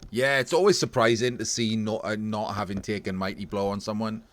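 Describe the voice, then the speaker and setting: A man with a fairly low voice talks through a game match as a tournament caster. He is relaxed and analytical, thinking aloud as he goes. The sound is dry and close, with no room around it. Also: brisk, dry recording. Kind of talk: casual game commentary.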